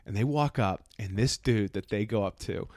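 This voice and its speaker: A man's voice: on the low side, moderate pace, no echo, studio quality. A man co-hosting a casual comedy podcast, telling stories and acting out the people in them. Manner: animated storyteller, acts out voices. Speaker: podcast co-host.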